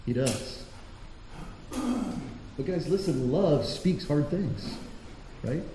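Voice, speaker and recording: A pastor with a fairly high, animated voice speaks extremely slowly as he delivers a conversational sermon, posing rhetorical questions to his listeners. The church hall gives the recording a roomy echo, with faint background noise.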